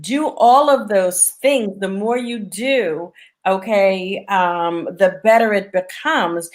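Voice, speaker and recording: A woman's voice: medium pitch, slow. A woman hosting a talk show, speaking in an encouraging, motivational way with frequent fillers. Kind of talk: casual conversational interview.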